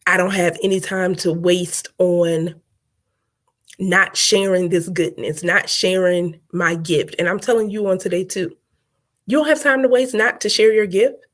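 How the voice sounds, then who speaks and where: A woman's voice: on the low side, fairly even intonation, a little slow. Emphatic, preachy middle-aged woman coach. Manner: emphatic and preachy, keeps checking in with "right?"; repeats phrases for rhythm. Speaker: motivational speaker and coach. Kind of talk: motivational live talk to viewers.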